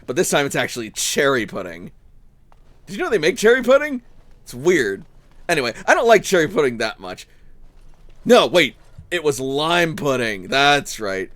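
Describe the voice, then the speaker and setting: A man's voice: sits high, no room sound. A male streamer giving casual, rambling commentary over a game and telling jokey stories. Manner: animated, joking rambling storyteller.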